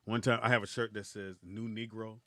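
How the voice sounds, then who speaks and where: A man hosting a casual podcast, joking loudly and swearing while telling stories. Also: on the low side, level tone, fairly quick, no room sound, clean studio sound. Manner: loud, joking, storytelling, swears freely. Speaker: host.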